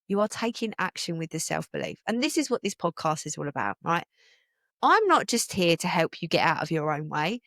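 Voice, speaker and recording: A woman's voice: on the low side, a bit bright, no echo, studio quality. A British woman in her forties hosting a podcast in a chatty, rambling, heartfelt way. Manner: chatty, rambling, gets emotional. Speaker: podcast host and business coach. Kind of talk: casual podcast monologue.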